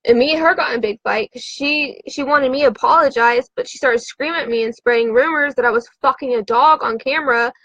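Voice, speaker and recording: Woman, high voice, tipsy, profane, rambling livestream confessional; dry, dull lo-fi recording. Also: brisk, few pauses, a bit bright, dry recording. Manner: profane, rambling, frantic storytelling. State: drinking.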